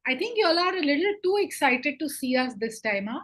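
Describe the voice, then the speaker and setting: Over a video call, a woman runs a live online session for schoolchildren, greeting them by name and leading lively call-and-response chants. Her voice is high and a little fast.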